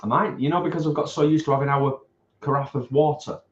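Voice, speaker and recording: A man's voice: on the high side, steady tone, quick pace, a little hiss or hum. A man co-hosting a casual livestream while eating, easygoing and chatty as he reads out viewer comments. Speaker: co-host of a vegan livestream. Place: home, at a table while eating. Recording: echoey room, slightly dull sound.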